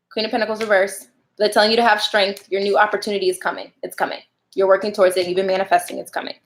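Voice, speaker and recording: A woman giving casual live tarot readings, chatty and laughing often as she talks to viewers. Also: medium pitch. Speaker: tarot reader.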